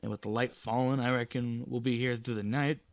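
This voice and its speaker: A man's voice: mid-range voice, fairly even intonation, fairly quick, dry recording, natural voice. A man doing a weary rural coach driver. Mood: worried.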